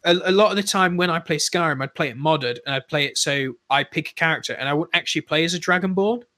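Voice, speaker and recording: A man chats about games, wandering through his points and often trailing off. His voice is fairly high with a bright, sharp edge. The sound is close and dry. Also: fast talker, no echo. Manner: rambling, trails off, hedges opinions. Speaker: podcast co-host. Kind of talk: casual chat.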